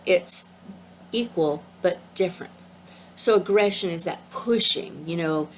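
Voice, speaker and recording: A woman spiritual teacher giving an earnest, gentle, casual talk about an oracle card. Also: on the low side, a little slow, slight background noise.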